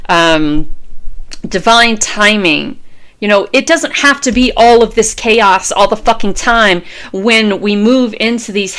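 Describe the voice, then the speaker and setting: A woman's voice: medium pitch, fairly bright tone. A woman in her fifties, a tarot reader giving a fervent motivational talk, repeating phrases and swearing as she urges viewers on. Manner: fervent, repetitive and profane, preaching to viewers. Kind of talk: impassioned motivational monologue.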